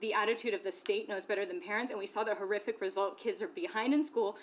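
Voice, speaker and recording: A woman's voice: medium pitch, fast. A young woman from Glendora, California, a parent giving an impassioned public comment at a school board meeting. She talks earnestly and keeps checking in with her listeners. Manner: earnest, repeatedly checks in with "okay?".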